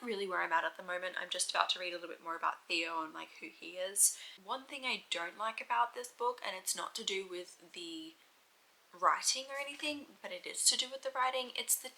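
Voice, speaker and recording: A woman's voice: on the low side, bright, forceful tone, low-quality recording. A young woman chatting frankly in a casual reading vlog, full of "like" fillers. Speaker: book vlogger.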